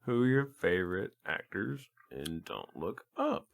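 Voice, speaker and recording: A man's voice: low-pitched, very animated, unhurried, vocal fry. A man co-hosting a podcast in casual chat, teasing his partner and laughing easily. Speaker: podcast co-host.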